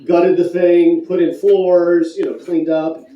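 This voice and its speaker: A man's voice: high voice, flat delivery, slow, mellow, lo-fi sound. A man from Michigan giving a playful, pun-filled talk at a conference, chatting with the audience. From Michigan, USA. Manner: punning, playful, chatty with the crowd. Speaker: conference speaker. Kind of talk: joking live talk to an audience. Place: conference hall. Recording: echoey hall from far off.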